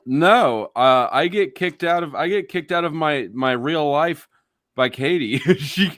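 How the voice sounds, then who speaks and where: A man with a slightly high voice chats on a live panel stream, making dry jokes and teasing the others. The sound is close and dry, with no room echo. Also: unhurried, fairly bright tone. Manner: teasing, joking. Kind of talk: casual panel chat.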